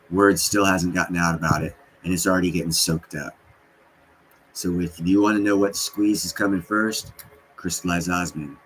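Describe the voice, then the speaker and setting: A man's voice: sits low, a bit bright, slight background noise, poor audio. A man hosting a livestream from an unfinished basement, rambling with many fillers. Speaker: livestream host. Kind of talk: casual livestream talk.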